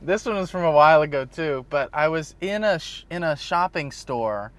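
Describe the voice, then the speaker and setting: A man's voice: fairly high pitch, animated, normal speed, fairly bright tone, clean tone. A man co-hosting a podcast, cracking dry quips and telling a story in casual chat. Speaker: podcast co-host.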